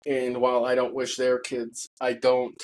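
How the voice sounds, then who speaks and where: A man telling his own story in a halting monologue, full of pauses and fillers, grieving and bitter. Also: medium pitch, completely flat delivery, low-quality recording. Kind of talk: personal testimony monologue.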